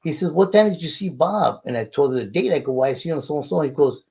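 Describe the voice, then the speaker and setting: A man's voice: a little high, lively intonation, fast talker, gravelly, warm tone, husky, low-quality recording. An older man, telling a faith testimony in an interview and acting out the dialogue earnestly. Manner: earnest storytelling, acts out dialogue. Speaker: guest.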